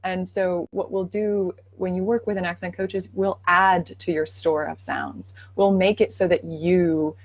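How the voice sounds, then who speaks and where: A woman's voice: fairly low pitch, steady tone, a little slow, few pauses. A woman appearing as a guest dialect coach in a live online Q&A, affirming and fond of analogies.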